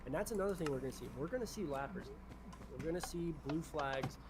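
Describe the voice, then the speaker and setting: A man's voice: a little high, expressive, fast talker. Rambling male streamer, noisy mic. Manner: rambling, repeats "definitely". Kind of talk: casual chat while gaming.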